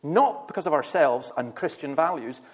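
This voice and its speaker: A man's voice: fairly high pitch, expressive, moderate pace, slightly rough. A middle-aged Scottish man, a minister giving a blunt, passionate talk to a church gathering, with wry humour and stories. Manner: passionate, blunt, humorous storytelling.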